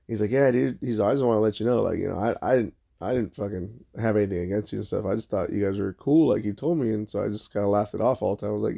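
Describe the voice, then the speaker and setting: Fast-talking gravelly man telling a story. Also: medium pitch. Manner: rambling, swears a lot, acts out quoted voices. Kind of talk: casual profane storytelling monologue. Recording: dull lo-fi sound.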